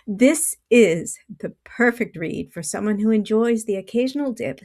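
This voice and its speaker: A middle-aged woman giving an earnest, measured book review vlog with small self-corrections. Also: fairly high pitch, darkish tone.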